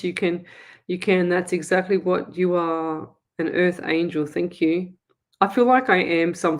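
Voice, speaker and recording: A woman psychic medium from Australia hosts a live stream, reading viewer comments off her screen with excited exclamations and quick laughs. Her voice sits a little low for a woman.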